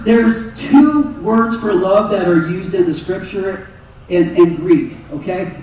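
High-voiced preacher in an echoey hall. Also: male voice. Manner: animated preaching, voices Jesus and Peter in quotes. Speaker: pastor. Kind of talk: sermon. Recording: echoey hall, mic far off.

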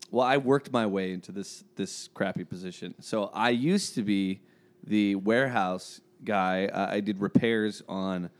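A man, a pastor, hosting a podcast chat in a friendly, joking way and laughing along with his guests. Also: on the low side. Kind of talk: casual podcast conversation.

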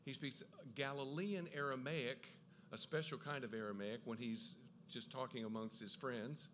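A man giving an enthusiastic Bible talk, with quick asides and frequent restarts as he explains. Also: mid-range voice, fairly even intonation, fairly bright tone, a little hiss or hum. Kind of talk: lively lecture on the Gospels.

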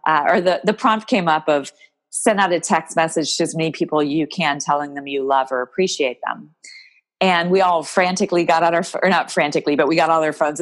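A woman guest in an interview, telling a personal story in a rambling, emotional way with many restarts. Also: low-pitched. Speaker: guest, game creator.

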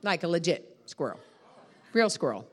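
A woman's voice: on the low side, moderate pace. A middle-aged woman preaching a sermon as a guest speaker, telling stories with laughter and exclamations. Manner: animated storytelling, laughing and shouting.

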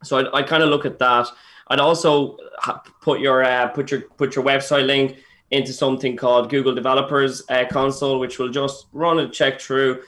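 A man, a web developer explaining search ads and website checks in a steady, businesslike way. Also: mid-range voice, moderate pace.

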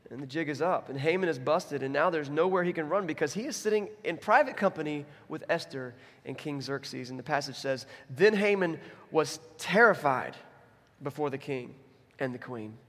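Man, pastor, sermon, animated storytelling, higher-pitched, echoing hall. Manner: animated, acts out characters in quick asides.

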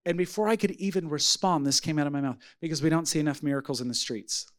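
A man preaching a sermon as pastor, telling a story with lively acted-out voices. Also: fairly high pitch, fast talker. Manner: animated storytelling, acting out voices.

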